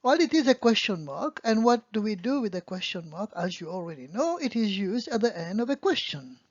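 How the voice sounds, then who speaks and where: A woman's voice: mid-range voice, very animated, fairly quick, dry recording. A woman teaching beginner French grammar, explaining patiently and answering her own questions. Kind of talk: online language lesson. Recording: dull lo-fi dry sound.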